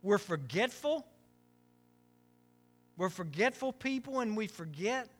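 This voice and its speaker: A man's voice: sits high, expressive, slow. A middle-aged male pastor preaching a conversational sermon with self-deprecating humor and frequent asides.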